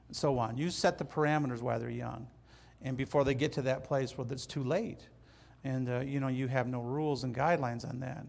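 A man's voice: medium pitch, steady tone, brisk, vocal fry, a little mellow. A middle-aged man preaching a sermon as pastor, earnest and folksy, repeating his phrases and telling stories from his family.

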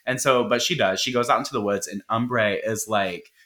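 Guy co-host recapping a movie, cussing a lot, bright edgy voice. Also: on the low side, normal speed. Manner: profane, animated retelling with quoted voices. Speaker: podcast co-host. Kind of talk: casual movie recap chat.

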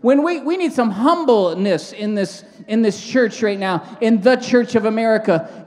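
A man preaching as a pastor, moving between fervent prayer and lively storytelling in a church. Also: sits high, moderate pace, hardly any pauses, long reverb tail. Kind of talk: sermon with prayer.

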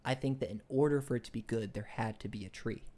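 A man's voice: mid-range voice, fast talker, a little mellow. Young man rambling through a story. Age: young adult. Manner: rambling retelling with many restarts and fillers. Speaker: podcast co-host. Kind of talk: casual book discussion.

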